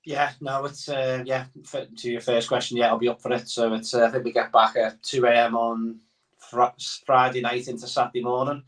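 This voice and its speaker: A man's voice: medium pitch, flat delivery, brisk, a bit bright. A man chatting as a guest on a football podcast, rambling with many fillers. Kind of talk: casual football podcast chat. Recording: voice somewhat far from the mic.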